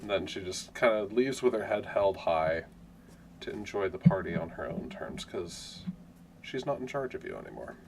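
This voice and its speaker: A man's voice: fairly low pitch, moderate pace, background noise. A man running a tabletop game as game master, narrating casually with hedges.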